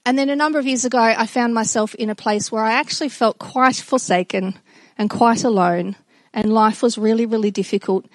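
A middle-aged woman giving a personal devotional talk to children and a congregation, earnest and reflective, with halting restarts. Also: fairly high pitch, no echo. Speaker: speaker addressing children and congregation.

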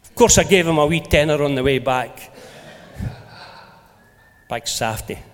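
An older Scottish man preaching a sermon as a pastor, lively and playful in his storytelling. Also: a little high, moderate pace. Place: church hall. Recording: long hall reverb.

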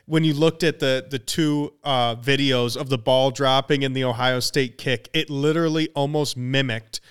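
A man's voice: mid-range voice, fairly even intonation, normal speed, fairly bright tone, clear, resonant tone. A man co-hosting a casual sports podcast, making emphatic, opinionated points and swearing for emphasis. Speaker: podcast co-host.

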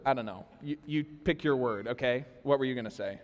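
A man preaching a sermon as pastor, animated and conversational, talking straight to the congregation. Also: medium pitch, brisk, few pauses, big-room sound. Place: church hall.

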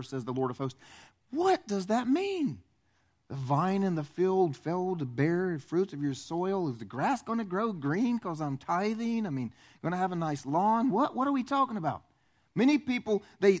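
A man pastor preaching a sermon, animated and acting out the voices he quotes. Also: sits high.

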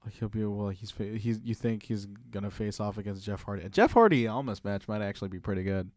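A man co-hosting a podcast, bantering casually with jokes and quick asides. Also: on the low side, a little mellow, no room sound, studio quality. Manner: joking, quips and asides. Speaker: podcast co-host.

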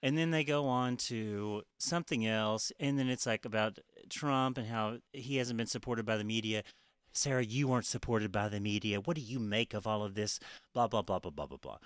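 A man's voice: fairly low pitch, normal speed, clean tone, no room sound, clean studio sound. A man co-hosting a podcast in a casual, profane, chatty way, often laughing. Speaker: podcast co-host. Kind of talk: casual chat.

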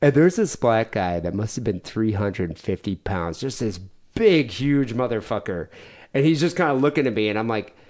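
A man's voice: on the low side, animated, normal speed, a little mellow. A man in his forties hosting a podcast, telling stories in casual chat and acting out the people he quotes. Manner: storytelling, acts out quoted people, laughs often. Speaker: podcast host.

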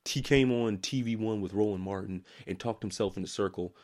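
A man from Maryland co-hosting a casual podcast, joking and teasing, often breaking into laughter. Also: brisk. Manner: animated, jokey, breaks into laughs, lively pitch. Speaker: podcast co-host.

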